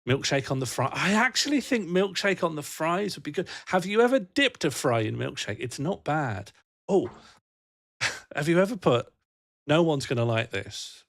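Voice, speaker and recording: A man's voice: fairly high pitch, big pitch swings, moderate pace, fairly bright tone. Giggly man streaming casually. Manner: giggly, laughs often, rambling and playful. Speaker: livestreamer reading chat. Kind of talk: casual live-stream chat.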